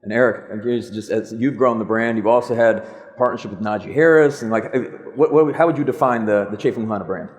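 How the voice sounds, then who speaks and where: A man's voice: fairly low pitch, fast talker, darkish tone. A man hosting a live panel discussion, asking questions in a curious and encouraging way. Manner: curious, encouraging, asks follow-ups. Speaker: podcast host, moderator.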